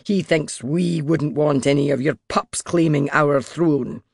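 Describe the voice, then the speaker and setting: A man's voice: a little high, measured pace, creaky, slightly rough, dry recording, studio quality, heavily acted. A man voicing a coarse, mocking middle-aged king with a Scottish accent in an audiobook, teasing and half muttering to himself. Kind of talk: audiobook character voice.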